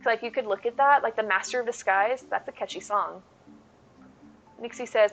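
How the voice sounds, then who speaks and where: A woman's voice: a little high, normal speed, fairly bright tone, rough recording. Chatty woman streamer thanking her chat. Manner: chatty and rambling, reads chat aloud, thanks viewers. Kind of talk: casual live-stream chat.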